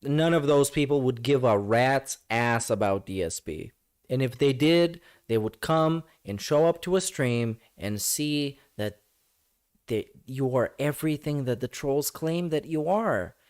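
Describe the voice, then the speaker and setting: A man's voice: medium pitch, animated, a little slow, darkish tone, clear, resonant tone. A man streaming a reaction to a clip, talking back at it with sarcastic, mocking, profane commentary.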